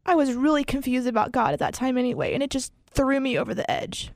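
A woman's voice: sits high, very animated, quick pace, gravelly, no echo, clean studio sound. Rambling woman telling personal stories. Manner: rambling, many fillers, laughs often. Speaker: guest sharing her story. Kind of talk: casual personal storytelling.

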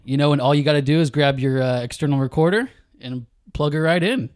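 Male podcast host with a somewhat high voice. He jokes and stumbles over restarts. Dry sound. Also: a little fast, a little mellow, no echo. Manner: jokey, stammering restarts. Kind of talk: casual podcast chat. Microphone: camera directional mic.

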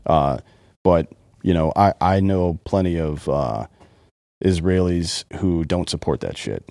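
A man's voice: sits low, measured pace, creaky, mellow, no room sound, studio quality. A man co-hosting a podcast in casual chat, blunt and profane, talking with heavy emphasis. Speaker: podcast co-host.

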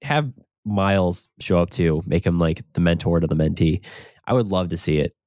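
Young male co-host, low voice, relaxed and keen, dry recording. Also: normal speed, no room sound. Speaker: podcast co-host. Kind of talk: casual movie discussion.

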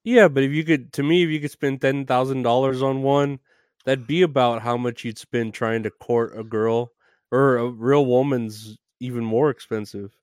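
A man's voice: mid-range voice, fairly even intonation, moderate pace, a little mellow, smooth, no echo, studio quality. Giggly rambling male interview host. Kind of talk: casual interview chat.

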